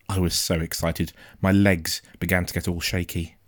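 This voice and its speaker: A man narrating a first-person story in a quiet, measured, suspenseful way. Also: low voice, little pitch movement, no room sound, clean studio sound. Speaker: audiobook narrator.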